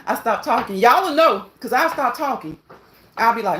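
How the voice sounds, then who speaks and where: A woman's voice: on the high side, lively intonation, unhurried, a bit bright. Woman, slightly winded, casual exercise chat, echoey room, faint hiss. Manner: repetitive, encouraging, laughs often. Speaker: fitness vlogger. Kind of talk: casual talk while exercising. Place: indoors on an exercise machine.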